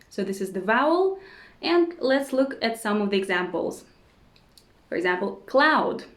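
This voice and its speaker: A woman teaching a language lesson who says each word slowly and repeats it several times, with short words of encouragement. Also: fairly high pitch, a bit bright, roomy sound. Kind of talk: slow repeat-after-me pronunciation lesson.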